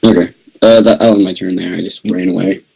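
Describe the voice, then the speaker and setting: Man, tabletop player, gravelly, dark low voice, stammering, swearing. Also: steady tone, a little fast, rough recording. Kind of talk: casual tabletop play.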